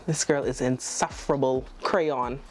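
A woman's voice: a bass voice, steady tone, unhurried, a little hiss or hum. A woman hosting a casual chat, teasing her guests as they compare how they read words. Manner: teasing, chatty. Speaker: host.

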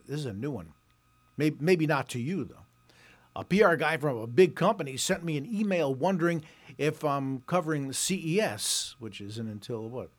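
Wry man in his sixties, host of a commentary show, lively up-and-down delivery, dry mocking humor. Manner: sarcastic and wry, with mocking voices when reading pitches aloud. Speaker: reporter and podcast host. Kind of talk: scripted comedic commentary.

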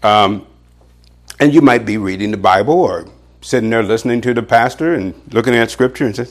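A man preaching a sermon in an animated way, with chuckles and measured scripture readings. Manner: animated, pitch jumps for emphasis, chuckles often; reads scripture aloud in an old-fashioned, measured cadence.

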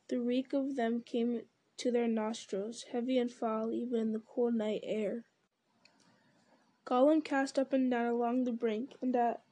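A woman reading a storybook aloud at a steady, unhurried pace. Her voice is slightly high, with a warm, mellow tone. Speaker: audiobook reader. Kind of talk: storybook narration.

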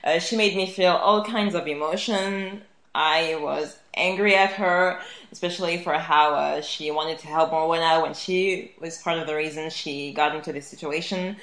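A woman co-hosting a podcast, talking casually about a TV drama with many fillers and pauses. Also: low voice, fairly even intonation, fairly bright tone, roomy sound. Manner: many filler words, halting. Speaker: podcast co-host.

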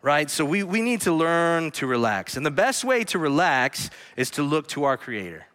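A man pastor preaching a sermon in a church, earnestly swinging between hushed lines and emphatic ones. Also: a little high, sing-song, moderate pace. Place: church sanctuary. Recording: long hall reverb.

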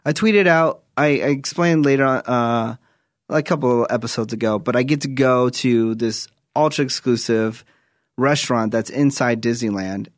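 A man's voice: medium pitch, normal speed, no room sound, clean studio sound. Laid-back joking man co-host. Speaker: podcast co-host. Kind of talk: casual chat.

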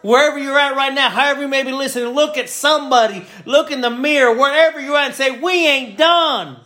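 A man's voice: very high voice, steady tone, fast, bright, forceful tone, soft background music. A man preaching a sermon with fervor, repeating phrases and building in intensity. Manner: fervent, repetitive, builds in intensity.

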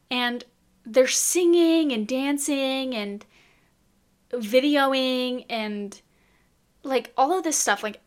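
A young woman vlogging in a casual, chatty way, full of incredulous rhetorical questions. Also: on the high side. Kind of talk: casual chat to camera.

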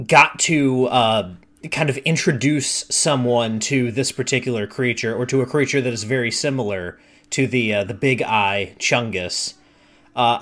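A man in an easygoing conversation who unfolds his gaming anecdotes at a slow, measured pace. His pitch sits in an ordinary middle range, and he builds each story step by step as the host. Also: a bit bright. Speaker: podcast host and game master. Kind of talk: casual chat.

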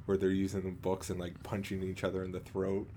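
A man's voice: low-pitched, monotone, warm tone, slight background noise. A man co-hosting a podcast in casual chat, rambling with lots of fillers and restarts. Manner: rambling, halting, filler-heavy, frequent laughs. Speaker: podcast co-host.

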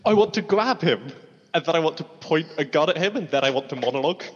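A man describing his moves in a tabletop game with playful glee. His voice is fairly high and slightly husky. The recording is dull with a long room reverb. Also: expressive, quick pace. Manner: playful, gleeful. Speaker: player.

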